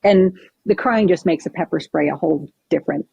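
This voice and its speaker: A woman's voice: sits low, brisk, gravelly, breathy edge, dry recording, dull audio. A woman guest on a podcast, recounting a personal story vividly and acting out what people said. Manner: vivid, animated retelling with acted-out quotes.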